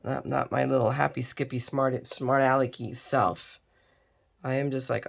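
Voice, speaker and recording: A woman's voice: rumbling low, fairly even intonation, normal speed, gravelly. A middle-aged woman hosting a crafting video, chatting casually while she works and sounding tired. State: tired and yawning. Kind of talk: casual crafting tutorial chat.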